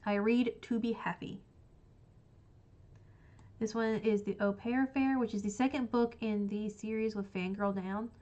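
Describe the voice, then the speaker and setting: A woman's voice: mid-range voice, steady tone, unhurried, pauses often, dark tone, dull audio. A woman casually ranking books she has read on a stream, rambling with many fillers. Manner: rambling, frequent ums and likes. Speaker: book streamer. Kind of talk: casual book ranking chat.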